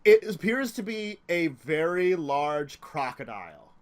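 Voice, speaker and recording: A man's voice: on the high side, very animated, a little slow. A man narrating as game master of a tabletop game, chuckling between descriptions.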